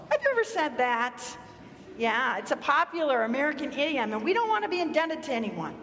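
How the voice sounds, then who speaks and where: A woman's voice: high voice, very animated, brisk, fairly bright tone. A woman pastor preaching a sermon in a conversational, storytelling way. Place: church sanctuary. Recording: echoey church hall.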